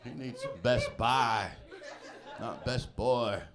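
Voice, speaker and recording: A man's voice: medium pitch, wildly swooping pitch, very slow. A man doing a stand-up comedy set on a club stage, telling stories with punchy asides to the audience. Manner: conversational storytelling, punchy asides to the crowd. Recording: live club recording with crowd laughter.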